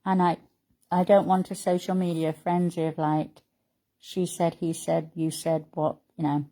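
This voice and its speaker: Heartfelt chatty woman with a mellow voice. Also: low voice, flat delivery, unhurried. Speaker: vlogger. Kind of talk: casual chat to camera, reading poems aloud.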